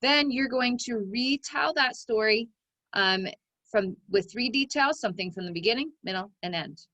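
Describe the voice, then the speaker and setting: A woman teaching a phonics lesson to young children, sounding out each word part slowly and clearly. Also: on the high side, sharp tone, no room sound, rough recording.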